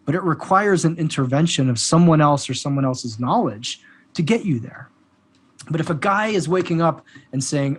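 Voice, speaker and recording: Husky, animated male podcast guest. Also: fairly high pitch, moderate pace. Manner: animated storyteller who acts out quoted exchanges. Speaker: podcast guest, men's work coach. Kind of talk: conversational podcast interview.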